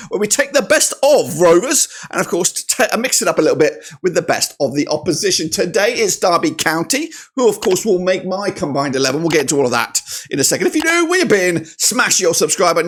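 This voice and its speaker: Male football channel host, higher-pitched voice, quick and chatty. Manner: energetic, chatty, leans on "of course". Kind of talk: casual YouTube match preview.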